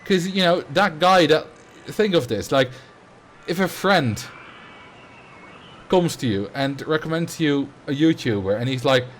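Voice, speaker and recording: A man's voice: on the high side, lively intonation, a little slow, a little hiss or hum. A man with a Dutch accent chatting casually on a livestream while thinking aloud. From Netherlands. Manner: musing, conversational, thinking aloud. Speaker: streamer.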